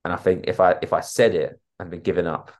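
Deep-voiced man telling his story. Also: little pitch movement, fast. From North London. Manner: candid, vivid retelling, acts out quoted dialogue. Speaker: podcast guest, coach. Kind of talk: casual interview storytelling.

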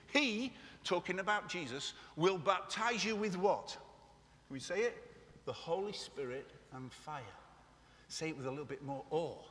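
In an echoey church meeting room, a man preaches a sermon to the congregation, passionate and conversational, tossing joking asides to the room. His voice sits high with a fairly bright tone.

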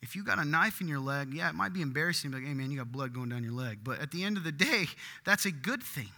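A man preaching a sermon in a church, animated and breaking into loud emphatic bursts. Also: on the high side, quick pace, in a large hall. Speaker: pastor.

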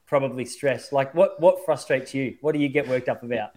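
Man, thirties, mid-pitched voice, casual host, self-mocking storyteller. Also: fairly quick, darkish tone. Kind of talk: casual chat.

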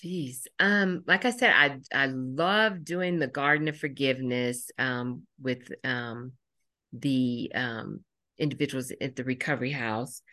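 Middle-aged woman with a low voice, guest on a podcast, rambles through her stories, lots of ums. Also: measured pace. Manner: rambling, lively storytelling with many fillers. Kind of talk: casual interview talk.

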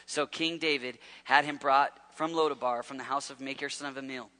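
A man preaching a sermon, retelling a scripture story with dramatic swings from loud lines to hushed whispers. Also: mid-range voice, steady tone, a little fast, long reverb tail.

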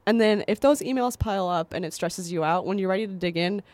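A woman's voice: medium pitch, fast, a little mellow, dry recording. A woman from the Midwest, co-hosting an advice podcast in a playful, upbeat chat. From American Midwest. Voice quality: nasal voice. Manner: playful, laughs often, upbeat. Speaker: podcast co-host giving advice. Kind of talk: casual chat.

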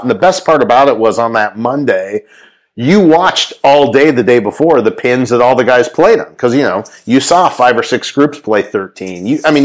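A sportswear executive guesting on a podcast tells a story casually, chatty and full of ums and quoted dialogue. His voice is mid-range, and the recording is rough.

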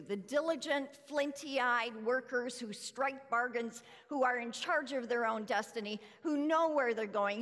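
A woman preacher giving a sermon, deliberate and full of rhetorical questions. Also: on the high side, a bit bright. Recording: reverberant hall.

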